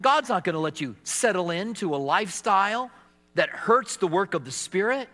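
A middle-aged man delivering a sermon, his voice fairly high and ringing bright. He tells stories and acts out quotes with touches of humor. The sound carries a long hall reverb. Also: animated, moderate pace. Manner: storytelling with acted quotes and humor. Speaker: pastor.

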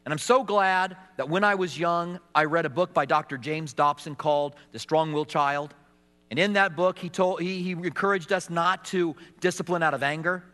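A middle-aged man delivering a sermon, his voice fairly high and ringing bright. He tells stories and acts out quotes with touches of humor. The sound carries a long hall reverb. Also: moderate pace. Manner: storytelling with acted quotes and humor. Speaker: pastor.

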